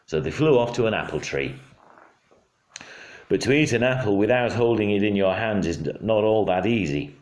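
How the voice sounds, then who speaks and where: Deep, lively dad narrator reading aloud at home, roomy sound. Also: male voice, moderate pace. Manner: expressive, hushed at quiet moments. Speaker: father reading to his child.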